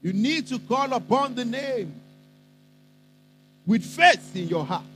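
A man preaching a sermon, emphatic and repetitive, with dramatic pauses between phrases. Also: very high voice, animated, fairly bright tone, soft background music, low-quality recording.

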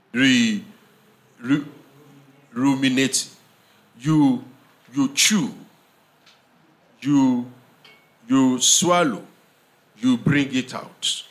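In a mid-range voice, a man delivers a sermon slowly and emphatically. He repeats phrases and keeps asking his audience whether they understand.

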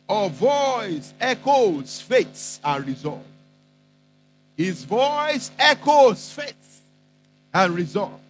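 Very high-voiced, slow preaching man. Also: rough recording. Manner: emphatic, repetitive, with dramatic pauses. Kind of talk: sermon.

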